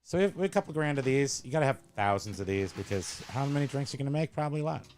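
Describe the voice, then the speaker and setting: A man's voice: mid-range voice, expressive, rapid-fire, darkish tone, slight background noise. Rambling, jokey man hosting casual chat. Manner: rambling, jokey, self-correcting. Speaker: host. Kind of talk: casual show-and-tell chat.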